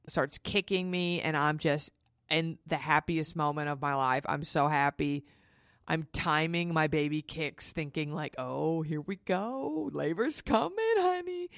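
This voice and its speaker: Brief: woman, low voice, dry close mic, candid profane storyteller. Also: a bit bright, smooth, dry recording. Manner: frank and profane, quick asides. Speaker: podcast host.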